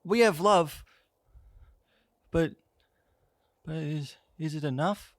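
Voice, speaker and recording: Man doing a soft-hearted love emotion, high and pleading, a bit stammery, slow, dry sound. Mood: yearning.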